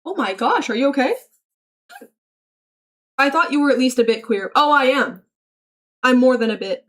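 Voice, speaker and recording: High-voiced woman reading stream chat. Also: animated, normal speed, a bit bright. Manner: chatty, reacts aloud while reading messages; swears freely, frequent laughter. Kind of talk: casual livestream chat reading.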